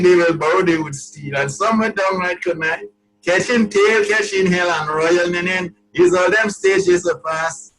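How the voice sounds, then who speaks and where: Animated Trinidadian man with lilting storytelling. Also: high voice, poor audio. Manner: animated storyteller, repeats words, quotes people in a rising voice. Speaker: calypsonian guest. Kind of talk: casual interview talk.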